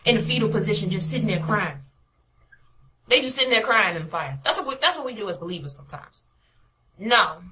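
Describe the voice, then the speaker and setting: A young woman ministers in a loose, devotional preaching style, her bright, pointed voice pressing each exhortation home. She repeats her key lines with mounting insistence, keeping it personal and direct. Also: a little high, rough recording. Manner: emphatic, repetitive exhortation with bursts of laughter. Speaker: prophetic minister.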